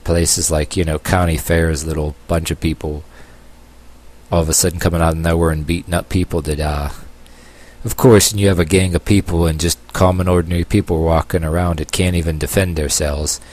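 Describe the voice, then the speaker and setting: A man with a very low, rumbling voice talks to his camera in a loose, rambling monologue. He stops and restarts often, fills the gaps with "uh," and slips in sarcastic remarks as he goes. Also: flat delivery, a little mellow. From United States. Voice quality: long-haired, calls himself a hippie. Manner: halting, many uh fillers and restarts, sarcastic asides. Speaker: vlogger.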